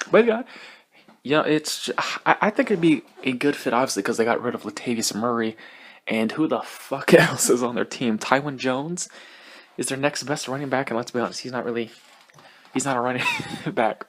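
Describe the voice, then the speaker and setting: A young man hosting a casual solo podcast, rambling and swearing, laughing often and talking fast. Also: medium pitch, a bit bright. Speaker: podcast host.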